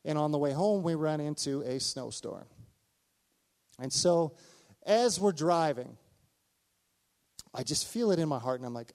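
A middle-aged male pastor preaching a sermon, telling a personal story with animated delivery and acted-out dialogue. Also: on the high side, measured pace, long pauses.

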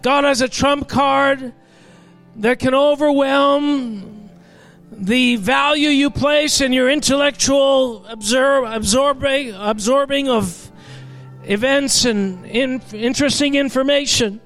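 High-voiced fervent male preacher. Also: steady tone, slow pace, faint music behind. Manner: fervent, pleading, rising to shouts. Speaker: pastor. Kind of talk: sermon and prayer.

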